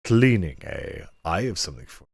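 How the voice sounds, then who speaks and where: A man playing a lecherous older nobleman, drawling slow and suggestive in a comic reading. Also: low voice, big pitch swings, breathy edge, dry recording, clean studio sound, full character voice. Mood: leering. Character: lecherous old male nobleman, smug.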